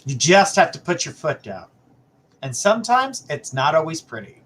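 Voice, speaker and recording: A man's voice: on the high side, big pitch swings, moderate pace, fairly bright tone, slight background noise. A man hosting a live psychic reading, giving blunt, emphatic advice with repeated phrases. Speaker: psychic reader, show host.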